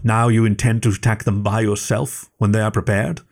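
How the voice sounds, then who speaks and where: A man's voice: on the low side, level tone, brisk, vocal fry, darkish tone. A man voicing a frantic fox scientist who drops German words. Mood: earnest worried. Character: anxious defecting male fox scientist.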